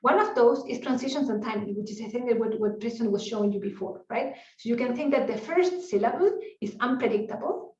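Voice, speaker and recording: A woman's voice: on the high side, animated, a little fast, hardly any pauses, darkish tone. A woman neuroscience researcher giving an academic conference talk, explaining in an unscripted way with frequent tag questions and restarts. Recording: roomy, distant, dull lo-fi sound.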